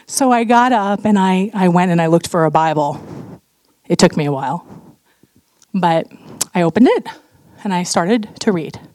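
A woman sharing her testimony with a women's audience, candid and animated, laughing often and swinging between earnest and playful. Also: on the low side, moderate pace, long pauses, dry recording, studio quality.

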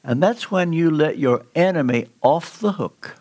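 An older man preaching a sermon in a church, telling a personal story with earnest, slow, emphatic pauses. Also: fairly high pitch, expressive, darkish tone. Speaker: pastor. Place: church sanctuary.

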